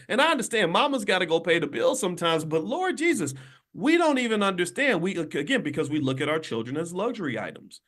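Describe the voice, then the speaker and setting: Higher-pitched guy on a phone livestream from a hotel room, preachy, keeps talking right at the viewers. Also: very animated, quick pace. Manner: emphatic, preachy, speaks straight to viewers. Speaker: financial commentator and channel host.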